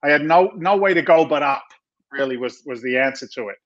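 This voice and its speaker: A man's voice: on the high side, fairly quick. Chatty middle-aged man, lo-fi sound. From England. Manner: animated, chatty, laughs often, many restarts. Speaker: guest. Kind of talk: casual storytelling interview. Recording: dull lo-fi sound.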